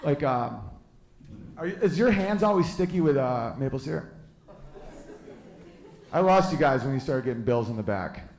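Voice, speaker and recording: A man's voice: mid-range voice, expressive, normal speed, long pauses, darkish tone, roomy sound, slight background noise. Man doing a rambling stand-up set. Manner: loose, rambling delivery with goofy put-on voices. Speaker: stand-up comedian. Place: live comedy venue with audience.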